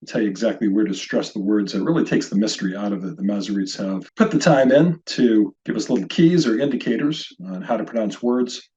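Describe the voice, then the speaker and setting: Middle-aged guy teaching a hebrew lesson, slow careful syllable drills, kinda dull lo-fi sound. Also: on the low side, a little mellow. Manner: slow, deliberate pronunciation drills. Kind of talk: online language lesson. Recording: slightly dull lo-fi audio.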